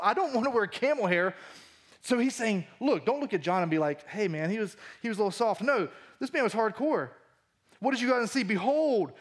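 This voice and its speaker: A man preaching a conversational sermon as pastor in a church, swinging between emphatic lines and hushed ones. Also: sits high.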